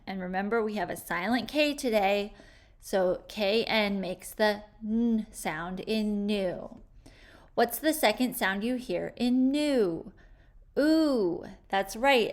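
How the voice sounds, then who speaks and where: A woman teaching a phonics spelling lesson for children, slowly sounding out words with clear, patient explanations. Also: medium pitch.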